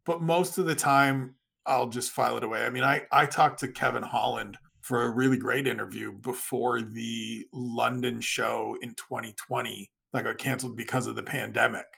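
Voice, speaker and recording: A man's voice: mid-range voice, fairly even intonation, normal speed, creaky, few pauses, sharp tone, husky. A man from Canada, a guest writer on a podcast, explaining things at length in casual chat and giving advice.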